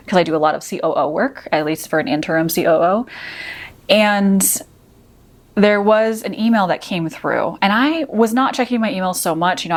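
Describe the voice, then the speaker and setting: Lower-voiced woman sharing a personal story. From United States. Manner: casual, with many fillers like "you know" and "like". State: teary at moments. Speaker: podcast host.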